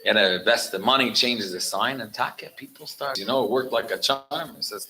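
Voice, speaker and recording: Guy rabbi telling stories at a gathering, sharp bright voice, keeps restarting, yiddish words everywhere. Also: mid-range voice, fairly quick, few pauses, a little hiss or hum, poor audio. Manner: animated storyteller, mixing in Yiddish and Hebrew words; frequent restarts and repeated words. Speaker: guest rabbi speaker. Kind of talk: storytelling talk at a religious gathering.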